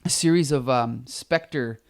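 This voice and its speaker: A man co-hosting a comic book podcast in casual chat, talking with a lozenge in his mouth and getting animated as he retells scenes. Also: medium pitch, slow pace. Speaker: podcast co-host.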